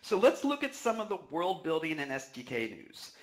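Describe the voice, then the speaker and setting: A man co-hosting a live news stream, reading announcements in a steady way with frequent fillers. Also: a little high, moderate pace, low-quality recording. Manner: steady delivery with many "uh" fillers.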